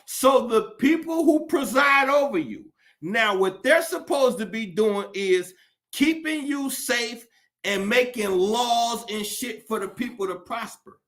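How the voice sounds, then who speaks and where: Male commentator, high-pitched and bright, profane and impassioned, preaching in rhetorical questions. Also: expressive, unhurried. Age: adult. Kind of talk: impassioned monologue.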